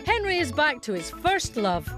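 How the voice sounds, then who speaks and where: A woman giving bright, breezy scripted narration for a television programme. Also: high-pitched, big pitch swings, moderate pace. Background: music.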